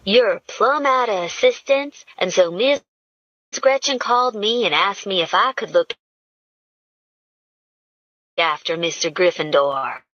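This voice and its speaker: Lady putting on a sweet dreamy southern gal, husky drawl, slow and bright, dull audio. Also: mid-range voice, lively intonation, dry recording. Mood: chirpy. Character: bubbly southern young woman assistant, dreamy and odd.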